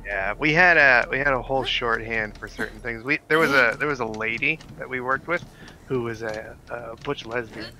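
A man's voice: medium pitch, normal speed, pushed and bright. A man chatting casually while playing a video game, telling stories that ramble and restart. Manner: rambling storyteller, restarts often, laughs at his own stories. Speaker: gaming host. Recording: noisy voice chat recording.

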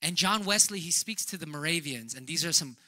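A young man preaching a conversational sermon who acts out dialogue and drops to a hush on tender lines. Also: fairly high pitch, lively intonation, fairly quick, no room sound. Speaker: pastor.

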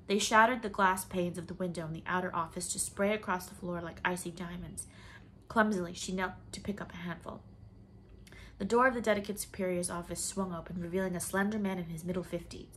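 A woman reading a novel aloud in measured, expressive storybook narration. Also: fairly low pitch, a little hiss or hum. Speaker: audiobook reader.

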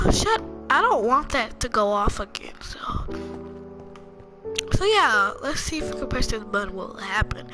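A young woman giving a rambling, casual walkthrough of a video game, talking low with a sore throat and sudden loud bursts. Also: very animated, unhurried. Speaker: gamer. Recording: loud music behind voice.

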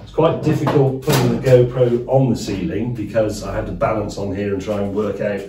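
A middle-aged man hosting a solo cooking show from a small underground kitchen, talking in a deadpan, self-mocking way with slow deliberate pauses. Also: lowish voice, background noise. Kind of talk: dry, wry solo cooking chat. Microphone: phone and tablet cameras set up in the room. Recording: echoey room, mic at a distance.

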